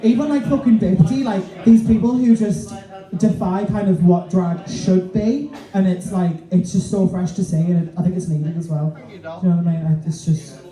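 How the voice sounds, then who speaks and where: A man's voice: high-pitched, steady tone, normal speed, dark tone. A man co-hosting a live podcast in a bar, rambling and full of fillers, swearing freely. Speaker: co-host, drag performer. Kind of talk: casual live podcast chat. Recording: echoey bar, distant mic.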